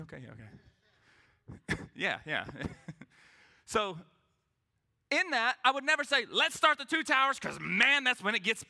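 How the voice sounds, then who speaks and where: A man preaching a sermon to his congregation in a church, joking and acting out little voices as he goes. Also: high voice. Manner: animated, joking, acts out voices. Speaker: pastor.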